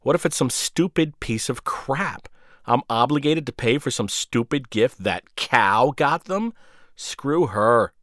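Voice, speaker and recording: A man's voice: mid-range voice, animated, unhurried, a bit bright, no echo, studio quality. A man narrating a first-person story in a sardonic, biting way.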